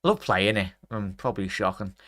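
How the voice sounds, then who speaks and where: A man, chatting to his live chat during a football watchalong and breaking into excited shouts at big chances. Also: fairly low pitch, normal speed, no room sound, studio quality. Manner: talks straight to his chat. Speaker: watchalong streamer.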